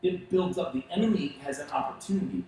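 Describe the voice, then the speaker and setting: A male pastor preaching a sermon, telling stories in an animated way and acting out the voices of the people he quotes. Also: a little high, quick pace, very echoey, a little hiss or hum, low-quality recording. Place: church sanctuary.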